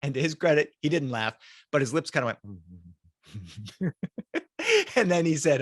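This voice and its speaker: A middle-aged man telling a children's story in an animated, playful way. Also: fairly high pitch, a little slow, long pauses, no echo, clean studio sound.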